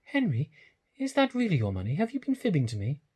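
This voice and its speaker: A man reading aloud and voicing a sweet, anxious young woman who pleads and teases softly. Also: wildly swooping pitch, quick pace, husky, exaggerated voice. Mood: teasing. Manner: soft, pleading and raised in pitch.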